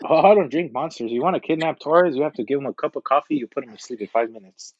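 Male podcast guest, 30s, slightly high voice, hyper comic energy, muffled lo-fi audio. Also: fast, no room sound. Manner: hyper, jokey, keeps slipping into silly put-on voices. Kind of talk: casual chat.

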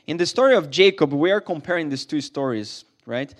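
A man's voice: a little high, expressive, a little fast. A man preaching a sermon as a pastor in a church, earnest and emphatic, often restarting his sentences.

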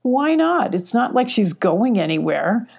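A woman's voice: on the high side, very animated, unhurried, creaky, a little mellow, breathy edge, pitched above the performer's own voice, heavily acted. A resentful creature guard in a storybook, snapping and bickering in a raised voice, as a woman voices him.

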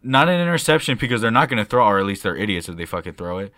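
A young man co-hosting a casual podcast, telling a rambling story with lots of swearing and excitable bursts. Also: lowish voice, rapid-fire, no echo, studio quality. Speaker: podcast co-host. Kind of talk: casual chat.

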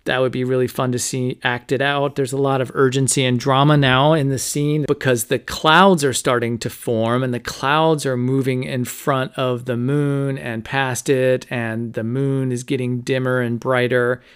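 A man's voice: medium pitch, level tone, unhurried, hardly any pauses, smooth. A man hosting a podcast, casually recapping a book's chapters with lots of "you know" and "like". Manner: conversational, many fillers like "you know" and "like". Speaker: podcast host. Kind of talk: casual book recap with read-aloud quotes.

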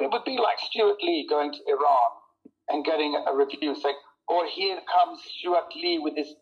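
Animated comedian telling stories, slightly high voice. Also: male voice, highs cut off. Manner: animated storyteller, laughs often, repeats words when starting. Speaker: comedian guest. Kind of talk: casual interview chat.

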